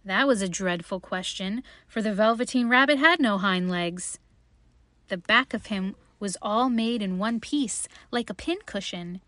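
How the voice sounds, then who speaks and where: A woman reads a children's storybook aloud, gentle and unhurried. Her voice sits at an ordinary pitch for a woman. The sound is dry and close, with no room echo.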